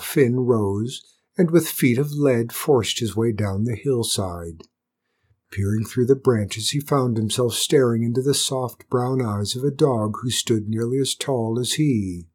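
A man reading a storybook aloud in a calm, measured, gentle way. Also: mid-range voice, breathy edge. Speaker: narrator.

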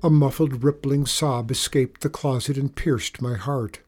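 A man with a husky voice narrating a story in a measured, low-key first-person telling. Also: steady tone, over loud music.

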